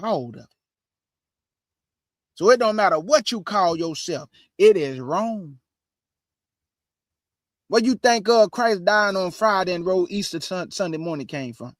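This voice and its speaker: Guy preaching prophecy, kinda high voice, answers his own questions, dry close sound. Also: expressive, a little slow, long pauses, no echo. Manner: preachy, calls audience family, answers imagined questions. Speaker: online preacher, show host. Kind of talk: street-style sermon on prophecy.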